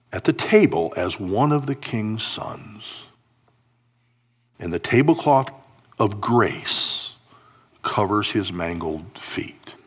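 A man's voice: fairly low pitch, a bit bright, slightly rough. A man preaching a sermon, telling a scripture story expressively and acting out the quoted lines.

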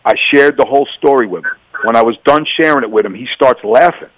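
A man's voice: mid-range voice, fast, dry recording, rough recording. A middle-aged man, a former police officer, giving personal testimony in an interview and acting out remembered dialogue with energy. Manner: animated, acts out remembered dialogue.

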